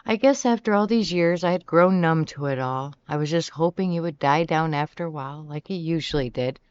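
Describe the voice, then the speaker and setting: Steady first-person audiobook narrator, dry sound. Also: medium pitch, a little fast, clean tone, dry recording. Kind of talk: first-person novel reading. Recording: dry, slightly muffled sound.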